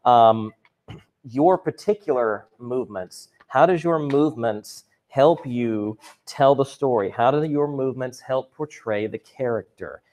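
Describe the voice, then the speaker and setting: A man's voice: medium pitch, a little slow, a little mellow. A man teaching a drama and chorus class over a video call, chatty and upbeat, with joking asides to his students. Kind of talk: virtual class lesson. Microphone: computer mic on a video call.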